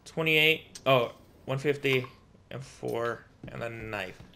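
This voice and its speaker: A man's voice: mid-range voice, slow pace, creaky, bright, forceful tone, slight background noise. A young man playing a horror game and chatting to viewers. He gets jumpy and talks to himself as he plays. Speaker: gaming streamer. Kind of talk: casual let's-play commentary.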